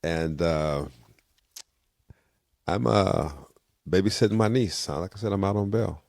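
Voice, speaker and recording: An older man from California, a guest in an interview, casually telling a story in a lively way and acting out the dialogue he quotes. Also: low-pitched, unhurried, gravelly, no echo.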